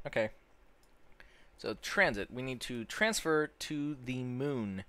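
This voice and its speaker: A man's voice: medium pitch, moderate pace, a bit bright, clean tone. A young man casually commenting on his own gameplay, rambling and stumbling over words, easily amazed.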